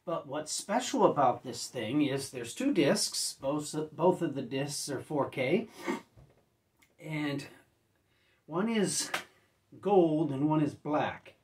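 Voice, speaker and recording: Slow, rambling man reviewing discs. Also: fairly high pitch, expressive, a little mellow, distant mic. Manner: rambling, clears throat often, self-correcting. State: just woke up. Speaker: disc reviewer. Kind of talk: casual home video review.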